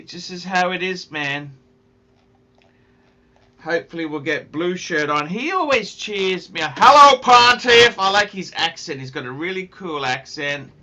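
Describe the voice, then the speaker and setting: A man's voice: a little high, sharp tone. A man hosting a casual livestream, chatting and reading out viewer comments in a jokey way. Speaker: livestream host.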